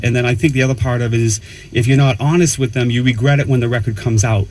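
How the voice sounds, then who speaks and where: A man talking as a musician and producer guest in a casual radio interview, relaxed and chatty, often saying "man" and "you know". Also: mid-range voice, fast, rough recording.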